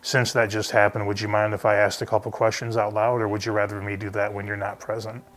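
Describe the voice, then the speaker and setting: A man hosting a paranormal investigation, asking gentle questions in a calm, reassuring way. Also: on the low side, quick pace. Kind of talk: investigation interview.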